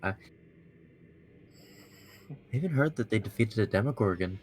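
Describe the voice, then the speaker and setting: A man's voice: lowish voice, lively intonation, normal speed, a little mellow, slight background noise. A man playing a tabletop game, talking in character in a playful, joking way. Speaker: player. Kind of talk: casual in-character play.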